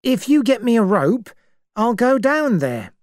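A man's voice: very high-pitched, very animated, unhurried, no room sound, studio quality, voice pushed up, full character voice. A man voicing a bold, eager man in a story reading, with a raised voice.

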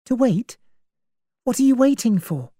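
A man voicing a nervous young woman in a storybook reading, raising his voice high. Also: animated, a little slow, mellow, no room sound, clean studio sound, heavily acted. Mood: anxious.

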